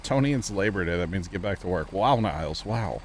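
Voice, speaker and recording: Deep-voiced and expressive, this livestream host talks fairly quickly as he jokes around with his viewers and teammates over casual gameplay. A faint hiss or hum sits under the recording.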